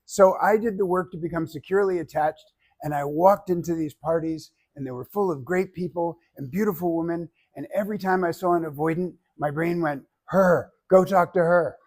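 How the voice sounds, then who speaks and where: A man teaching public speaking, giving an animated, joking demonstration speech straight to his class. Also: fairly high pitch, a little fast. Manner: animated and joking, addressing the audience directly.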